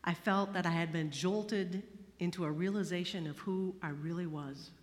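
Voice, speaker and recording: A woman preaching a sermon, expressive, moving between hushed, slow passages and emphatic ones. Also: on the low side. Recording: long hall reverb.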